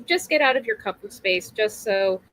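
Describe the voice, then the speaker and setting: Bright-voiced chatty woman in her thirties. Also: medium pitch, expressive, normal speed, poor audio. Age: 30s. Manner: chatty and rambling, laughs often, swears casually. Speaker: guest streamer. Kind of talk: casual interview chat.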